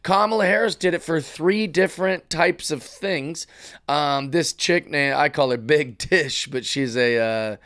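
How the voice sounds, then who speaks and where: Casting note: middle-aged male comedian, solo podcast rant, fairly high voice, mocking impressions. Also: measured pace. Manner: animated ranting with mocking voice impressions. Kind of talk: casual monologue.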